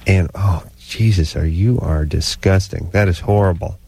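A man's voice: low-pitched, moderate pace, creaky, darkish tone, slightly rough. A man hosting a radio call-in advice show, crude and teasing with callers.

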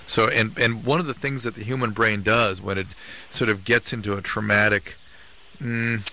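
A man hosting a call-in radio show, calmly explaining things to a caller in a clinical way. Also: on the low side, normal speed. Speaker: radio advice host.

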